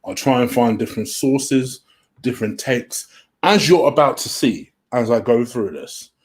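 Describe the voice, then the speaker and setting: This man's medium-pitched voice moves at a measured pace. He's doing casual solo commentary for his home-made football transfer rumour show in a room at home, chatting, getting sidetracked easily and using plenty of "um."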